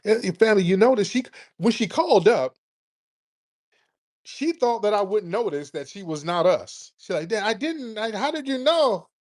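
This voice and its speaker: Emphatic high-pitched male radio host. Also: darkish tone. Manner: emphatic, repeats "no, no" and mimics callers. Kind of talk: commentary to listeners.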